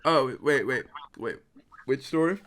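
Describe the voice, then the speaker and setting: A man's voice: mid-range voice, lively intonation, measured pace, fairly bright tone. A man hosting a casual podcast chat, rambling with lots of fillers and laughs. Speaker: podcast host.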